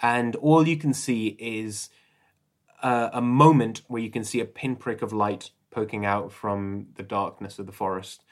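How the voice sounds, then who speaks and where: A man running a tabletop horror game as game master, relaxed and laughing easily between descriptions. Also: fairly low pitch, measured pace.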